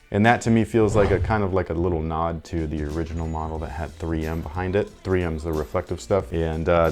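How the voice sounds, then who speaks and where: A man's voice: low-pitched, a little mellow. A man hosting a sneaker review, talking bluntly and casually with rambling asides and mild swearing. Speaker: sneaker reviewer, channel host.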